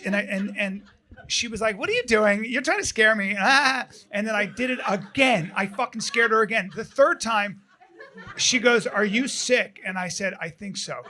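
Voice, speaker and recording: A comedian telling a story on a live comedy club stage, animated, shouting out sound effects and dropping into muttered asides. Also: male voice, sits high.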